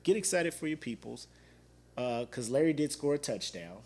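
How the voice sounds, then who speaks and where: A man's voice: mid-range voice, moderate pace. A man in his thirties hosting a casual podcast, telling a story with laughs and acted-out quotes. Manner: animated, laughs often, acts out quoted fans. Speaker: podcast host.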